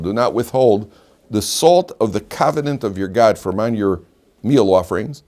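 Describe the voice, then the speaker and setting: A man's voice: fairly low pitch, lively intonation, moderate pace, a little mellow. An older man from Chicago, teaching a casual Torah class, rambling through anecdotes with lots of restarts. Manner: chatty, digressive storyteller with frequent restarts.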